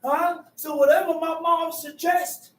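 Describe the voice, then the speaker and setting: A man preaches in a loud, emphatic voice, shouting verses back to his listeners. His voice sits unusually high for a man. The sound is roomy and echoing, caught from some way off the mic. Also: steady tone, measured pace, far from the mic. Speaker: street preacher teaching from scripture. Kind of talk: call-and-response sermon.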